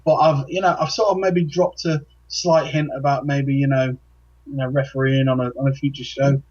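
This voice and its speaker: A man co-hosts a casual chat in a husky voice, starting and restarting his sentences often. The sound is dull and lo-fi. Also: mid-range voice, little pitch movement, darkish tone. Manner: halting, many fillers and restarts. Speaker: co-host.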